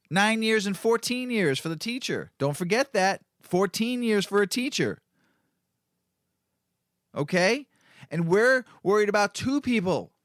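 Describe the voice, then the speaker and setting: A man's voice: high-pitched, a bit bright, no room sound, clean studio sound. A man hosting a casual podcast, ranting in a fired-up way and swearing freely. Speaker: podcast host.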